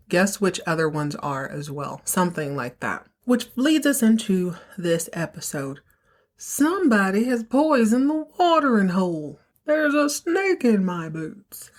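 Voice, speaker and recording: Sassy woman recapping a soap. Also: fairly low pitch. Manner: sassy, playful, acts out characters' lines in exaggerated voices. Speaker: podcast host recapping a TV soap. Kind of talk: casual recap monologue.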